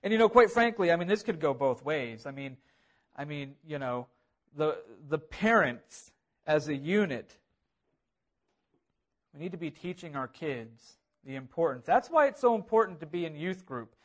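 A man delivers a sermon in an earnest, driving way, repeating key phrases to build emphasis. His voice sits notably high for a man. He sounds like a pastor speaking to his congregation. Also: animated, moderate pace. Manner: earnest, repetitive preaching with rising emphasis.

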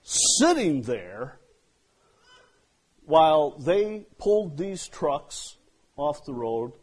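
A man preaching a sermon in an unhurried, husky voice. He tells his story with big swings in volume, rising to loud outbursts and then dropping to near-hushed asides. He sounds like a pastor speaking to his congregation. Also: fairly high pitch, big pitch swings.

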